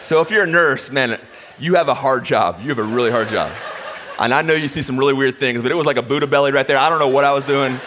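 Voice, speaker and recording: A man's voice: medium pitch, fast talker, slight background noise. A man in his thirties, a pastor, telling a funny personal story in a sermon and acting out the people in it. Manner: animated, self-mocking storyteller who acts out quotes. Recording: long hall reverb.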